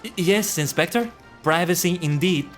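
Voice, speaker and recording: A man's voice: high voice, normal speed, faint music behind, pitched above the performer's own voice, close to an everyday voice. A man voicing a prim, nervous young woman sidekick with flustered, stammering politeness, reading game dialogue aloud.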